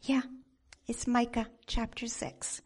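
Woman preacher, high-voiced, dramatic sermon storytelling. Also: little pitch movement, slow, darkish tone, breathy edge.

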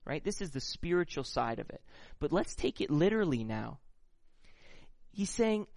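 A man preaching a sermon who reads scripture slowly and explains it in a casual, conversational way, often checking in with "right?". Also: a little high, sing-song, vocal fry, a little mellow, dry recording. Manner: slow, deliberate reading of scripture. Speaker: pastor.

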